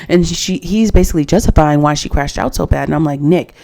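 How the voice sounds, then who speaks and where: A woman's voice: low-pitched, steady tone, fairly quick, hardly any pauses, warm tone. A woman recapping a reality dating show in casual, opinionated commentary, often exasperated and talking straight to the viewer.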